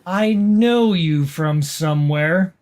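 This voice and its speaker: A game master voicing a smooth, guarded male antiquities dealer with a faint German accent, polite but cagey, in a tabletop game. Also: medium pitch, slow, a little mellow, lightly acted. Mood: suspicious.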